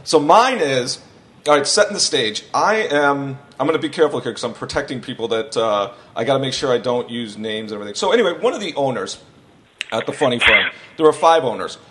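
A podcast host with a mid-range voice talks fairly quickly over a little hiss or hum. In casual chat, he tells stories in a loose, rambling, animated way, acting out the people he quotes.

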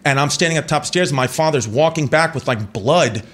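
A man in his forties, guesting as a comedian on a talk show, rattles off a rambling tale full of self-interruptions, laughter, and impressions of its characters. His voice runs on the high side, quick and a bit bright.

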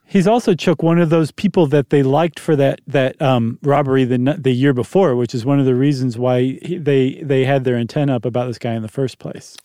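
A man's voice: mid-range voice, fairly even intonation, fairly quick, few pauses, dark tone, no room sound, studio quality. A man co-hosting a podcast, telling the story in a casual, chatty way and hedging his facts with asides. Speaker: podcast co-host.

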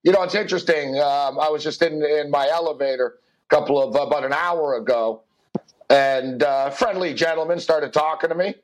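A man's voice: a little high, normal speed, rough recording. A man hosting a sports betting talk show, telling stories animatedly and acting out the dialogue with laughs. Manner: animated storyteller who acts out dialogue, laughing often. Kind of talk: casual chat.

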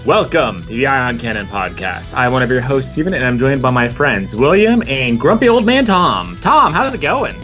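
A man's voice: mid-range voice, big pitch swings, normal speed, hardly any pauses, fairly bright tone, soft background music. A man hosting a casual podcast, chatty and joking, with lots of fillers. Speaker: podcast host.

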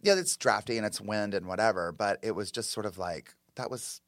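A man, a comedian and actor, telling an animated story as a podcast guest, full of "like" and restarts. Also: fairly low pitch, a little fast, dry recording, clean studio sound. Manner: animated, chatty, lots of "like" and restarts. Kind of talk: casual storytelling chat.

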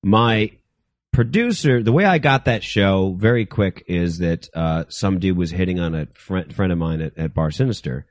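A man's voice: deep voice, moderate pace, no echo, studio quality. A male comedian telling a story in casual chat, swearing freely and acting out the people in it. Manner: animated, swears freely, acts out quoted people.

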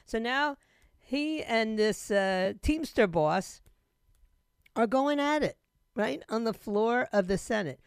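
A woman hosting a talk radio show with a scratchy throat, retelling news in an animated way with laughing asides. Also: on the high side, slow, creaky, clear, resonant tone, no room sound, studio quality.

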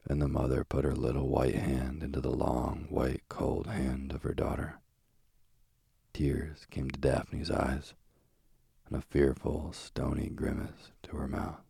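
A male audiobook narrator reading literary fiction in a measured, solemn manner. His voice is extremely deep, husky and breathy, heard close in a dry, dead room. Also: little pitch movement, dark tone, no room sound.

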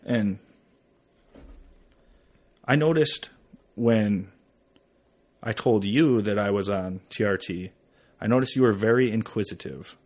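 Low-voiced man chiming in agreeably. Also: takes it slowly, pauses often, darkish tone. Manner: agreeable, short backchannel replies. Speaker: podcast guest. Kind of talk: casual chat.

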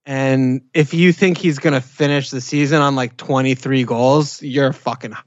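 A man's voice: medium pitch, fairly even intonation, moderate pace, no room sound. Laid-back man on a dull, dry mic. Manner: laid-back, hedging, swears. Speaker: podcast co-host. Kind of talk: casual fantasy football chat.

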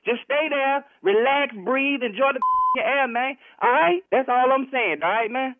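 A man on the phone, agitated and threatening, talking loud and animated. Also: extremely high pitch, measured pace, no echo. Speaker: prank call target. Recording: tinny phone line.

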